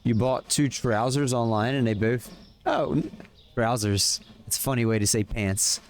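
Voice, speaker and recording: Guy streaming a game, chatting w chat and calling out orders, average pitch. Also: moderate pace. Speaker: livestreamer. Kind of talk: casual chat with viewers while gaming.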